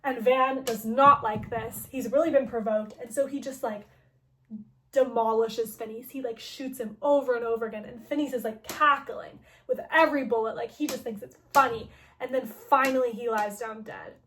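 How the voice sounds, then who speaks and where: A woman's voice: a little high, fairly even intonation, moderate pace, a bit bright, a little hiss or hum. A young woman casually recapping a story, chatty, with "like" in nearly every sentence. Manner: chatty, filler-heavy with constant "like".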